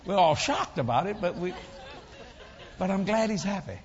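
A man, preaching as a lively, laughing storyteller in a church. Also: high-pitched, moderate pace, some chatter behind. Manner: animated, laughing, folksy storyteller. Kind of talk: humorous storytelling sermon. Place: church sanctuary. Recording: echoey church hall, slightly dull.

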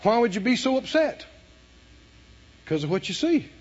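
The sermon comes from a man with a high, drawling voice who speaks in a sing-song way at normal speed. He preaches with fire, shifts from whispered asides to shouts, and chuckles between his points. The sound is muffled and lo-fi.

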